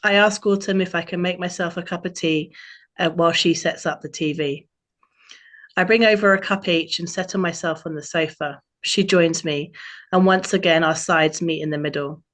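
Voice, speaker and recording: A woman author reads a passage from her novel aloud, after a hesitant, um-filled introduction. Her voice sits on the low side, and she narrates in a steady, even way. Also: moderate pace. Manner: hesitant with many ums when speaking freely.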